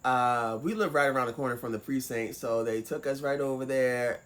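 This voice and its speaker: A woman vlogger telling a personal story in a casual, animated way, swearing freely. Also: rumbling low. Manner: animated, profane, acts out voices.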